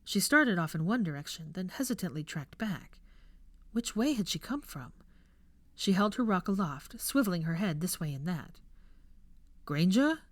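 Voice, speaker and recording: Hushed, measured woman narrator. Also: fairly low pitch, animated, no echo. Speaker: fan fiction reader. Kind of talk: audiobook narration.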